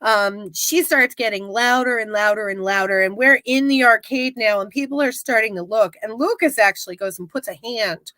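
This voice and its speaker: A woman's voice: a little high, normal speed, few pauses, pushed and bright, no room sound. A woman co-hosting a podcast, retelling a show's episode in casual, profane chat and laughing often. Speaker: podcast co-host recapping a show.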